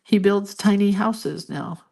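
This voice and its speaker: An older woman chatting casually as she colors, rambling into stories with soft, murmured asides at her art desk. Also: mid-range voice, takes it slowly, creaky. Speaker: art vlogger. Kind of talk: casual chat while coloring.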